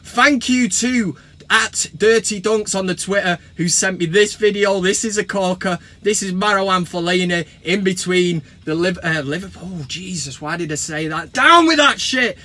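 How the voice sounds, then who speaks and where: High bright-voiced English man ranting. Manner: animated, sarcastic, swears freely. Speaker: football vlog host. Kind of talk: casual fan vlog rant. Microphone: talking into a camera.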